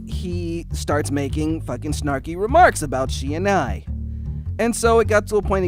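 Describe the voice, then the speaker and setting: A young man telling a personal story in a casual, heated and profane way. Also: on the high side. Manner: heated, profane, animated retelling.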